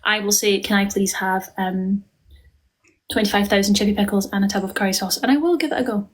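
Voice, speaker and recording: A Scottish woman chats with viewers on a livestream from her phone, gushing and effusive. She talks at a middling pitch in an easygoing stream of praise and small talk. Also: brisk. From Scotland. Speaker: livestream host. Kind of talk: casual livestream chat.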